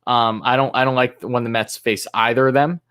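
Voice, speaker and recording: A man's voice: mid-range voice, steady tone, fairly quick, a bit bright, clear, resonant tone. Man calling plays like an announcer. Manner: announcer-like calls between chatty, hesitant answers. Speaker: livestream host and fan commentator. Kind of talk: live play-by-play mixed with casual chat.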